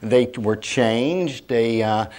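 A middle-aged man delivers a sermon at an unhurried pace. He reads scripture with weight and pauses, and asks the congregation to repeat lines back to him. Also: medium pitch, darkish tone. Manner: slow, emphatic preaching with call-and-response. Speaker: pastor.

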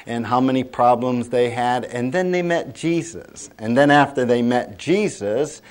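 A middle-aged man delivers a sermon at an unhurried pace. He reads scripture with weight and pauses, and asks the congregation to repeat lines back to him. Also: mid-range voice, clean tone. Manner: slow, emphatic preaching with call-and-response. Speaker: pastor.

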